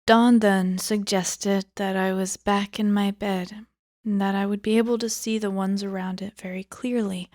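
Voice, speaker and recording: A woman giving a cold reading of a book aloud, often dropping into a hushed whisper. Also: medium pitch, flat delivery, moderate pace, dry recording, studio quality. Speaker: audiobook reader.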